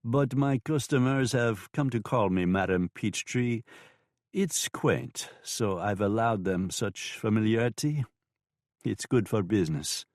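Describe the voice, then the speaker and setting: A man voicing a sly, mocking saloon madam with a French accent in an audiobook, speaking slowly and smoothly. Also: on the low side, no echo, clean studio sound, lightly acted. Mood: taunting. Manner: smooth, taunting, slow and drawn-out. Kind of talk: audiobook character voice.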